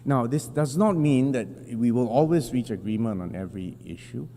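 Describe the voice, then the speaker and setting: A man giving a formal prepared speech to a large assembly, in measured, deliberate phrasing with emphatic stresses, at a podium microphone. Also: mid-range voice, animated, mellow. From Singapore. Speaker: national representative addressing the General Assembly. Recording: long hall reverb with faint hum.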